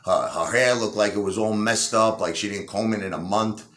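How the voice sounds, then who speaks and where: A man's voice: lowish voice, normal speed, fairly bright tone. A man telling a dirty joke in a chatty way, filled with "you know.". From Brooklyn, New York. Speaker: comedian. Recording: echoey room.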